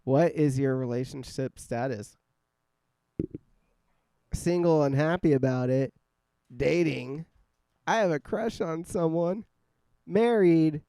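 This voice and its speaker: A man hosts a casual podcast, joking and swearing easily. His voice is warm and dark with a smooth, clean tone. It is recorded close, with a dry sound. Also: a little high, slow, pauses often, dry recording. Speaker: podcast host. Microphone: scarf-wrapped microphone.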